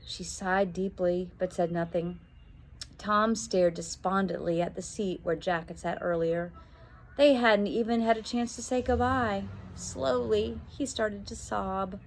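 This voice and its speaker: A woman reads a children's storybook aloud with a voice of ordinary, middle pitch. She is a teacher by trade, and her reading is lively and expressive. She lifts her voice high whenever the children in the story shout. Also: a little slow, slight background noise.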